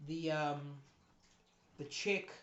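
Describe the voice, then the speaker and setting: A young man narrating as game master of a tabletop game, crude and quick to laugh. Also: fairly high pitch, steady tone, fairly bright tone. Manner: laughing, crude, voices characters loosely. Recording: dull echoey room recording.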